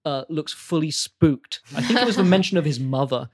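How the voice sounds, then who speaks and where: A man's voice: on the high side, brisk. A man narrating as the game master of a tabletop game, describing scenes in an easygoing way with an occasional chuckle.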